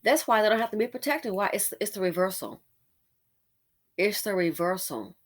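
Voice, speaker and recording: A woman's voice: medium pitch, animated, normal speed. A woman giving sassy, exasperated opinion commentary as the host of her channel. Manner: sassy, exasperated, mocking impressions. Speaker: commentary vlogger.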